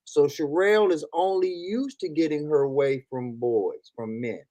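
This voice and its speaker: A man's voice: a little high, measured pace, mellow, no room sound. A man, a guest on a casual livestream chat, speaking frankly and telling stories about family. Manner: frank, storytelling.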